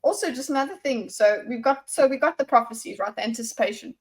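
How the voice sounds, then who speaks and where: A woman co-hosting a casual book discussion, excited and laughing while she thinks aloud. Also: on the high side, fast talker. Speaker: book club co-host.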